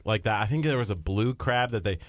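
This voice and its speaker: A man's voice: fairly low pitch, brisk, dry recording. A man from Nebraska co-hosting a radio show, joking and telling stories in casual banter. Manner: joking, animated storyteller.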